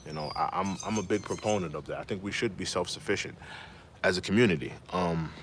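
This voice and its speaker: A man's voice: low voice, fast talker, slight background noise. A man hosting a casual livestream, giving his opinions at length with many "you know" fillers. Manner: reads viewer comments aloud and answers them. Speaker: livestream host.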